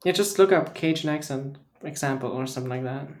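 A man co-hosting a casual podcast chat, teasing and deadpan, acting as if he believes none of it. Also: medium pitch, fast talker. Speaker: podcast co-host.

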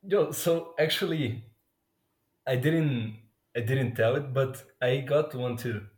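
Laid-back male podcast co-host, unhurried, swears casually; echoey room. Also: mid-range voice, darkish tone.

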